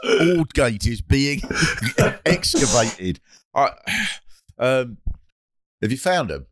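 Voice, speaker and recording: A man's voice: medium pitch, extremely slow, background noise. A middle-aged man hosting a podcast, rambling comically through anecdotes in a casual chat. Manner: rambling, lively comic storyteller. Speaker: podcast host.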